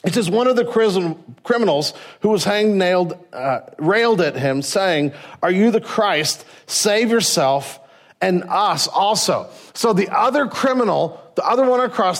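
Earnest preaching man, fairly high voice. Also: expressive, brisk, few pauses. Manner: earnest preaching, swinging from hushed to raised. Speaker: pastor. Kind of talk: sermon.

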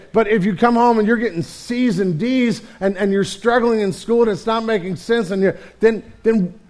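Guy preaching a sermon, slightly high voice, talks straight to the crowd, lots of "man" and restarts. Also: darkish tone. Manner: conversational, addresses the congregation directly, often says "man"; repeats words and restarts mid-sentence. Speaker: pastor.

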